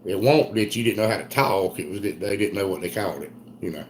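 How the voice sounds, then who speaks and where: A man's voice: sits low, a little hiss or hum. Folksy Eastern North Carolina man. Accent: Eastern North Carolina Southern. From Southern United States. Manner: folksy, drawn-out storytelling. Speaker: livestream host. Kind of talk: casual live chat reading comments.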